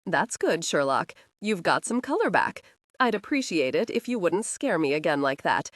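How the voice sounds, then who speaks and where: A woman reading a calm, firm FBI chief. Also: on the low side, normal speed, dry recording, studio quality. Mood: dry.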